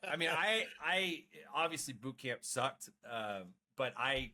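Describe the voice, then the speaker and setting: A man's voice: medium pitch, animated, a little slow, sharp tone. A man, a Marine veteran guest on a podcast, telling stories in casual chat, swearing freely, laughing along and restarting his words often.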